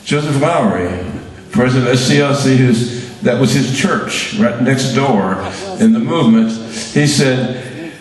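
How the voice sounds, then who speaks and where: Brief older man recounting memories with halting restarts and wry humor, heard from afar in a big echoing room. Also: mid-range voice. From Birmingham, Alabama. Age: 70s. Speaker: award recipient giving a speech. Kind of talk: reminiscing speech to an audience. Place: large hall at an awards event. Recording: very echoey hall, mic far off.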